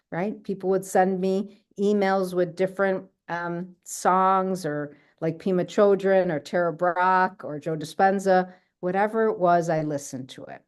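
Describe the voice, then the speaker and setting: Chatty woman with a low voice. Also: darkish tone. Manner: chatty, keeps checking in with "right?". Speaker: speaker sharing her healing story. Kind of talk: casual talk on a video call.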